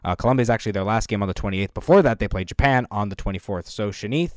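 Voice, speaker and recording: A man's voice: on the low side, racing, dry recording, clean studio sound. A man hosting a sports podcast, running through facts and names in casual analysis with some filler words. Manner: fact-heavy, with filler ums and uhs. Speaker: podcast host.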